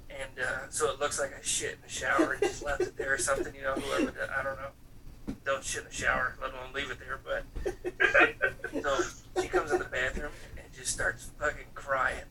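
A man's voice: medium pitch, animated, a little fast, vocal fry, very noisy. A man in his thirties telling loose, profane stories in a casual chat, acting out quotes and padding with fillers. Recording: voice picked up from some distance, faint room ambience.

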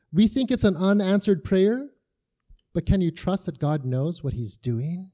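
High-voiced preacher, conversational. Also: male voice, warm tone. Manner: conversational, rhetorical questions, fillers like "like". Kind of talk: casual sermon.

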